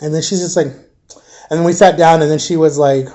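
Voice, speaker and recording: A man telling a painful personal story in a candid, subdued way, halting and full of fillers and restarts. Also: a little high, steady tone, warm tone. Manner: emotionally shaken, subdued. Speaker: storyteller recounting a personal ordeal.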